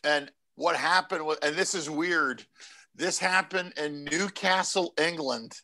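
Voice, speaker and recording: A man with a high, gravelly, bright-edged voice tells stories in a relaxed chat. He is animated and slips into the voices of the people in his anecdotes. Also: unhurried. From Greek heritage. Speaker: podcast host and comedian. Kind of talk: casual chat, storytelling.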